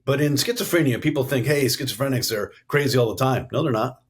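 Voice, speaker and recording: A man's voice: medium pitch, expressive, fast talker, hardly any pauses, slightly rough. Middle-aged East Coast man, podcast guest: earnest, expansive storytelling with a mid-range voice. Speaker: guest, company CEO. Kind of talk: storytelling interview answers.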